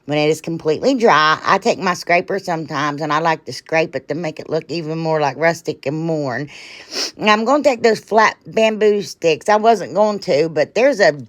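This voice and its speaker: Brief: woman host, low voice, loose rambling craft tutorial talk, keeps saying y'all and sorry. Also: moderate pace. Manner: rambling, chatty, often trails off and apologizes; addresses viewers as y'all. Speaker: DIY crafting channel host. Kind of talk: casual craft tutorial narration.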